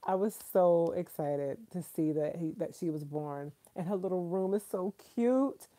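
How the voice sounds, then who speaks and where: A woman in her thirties hosting a live stream, gushing excitedly and chatting straight to her viewers. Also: fairly low pitch, unhurried.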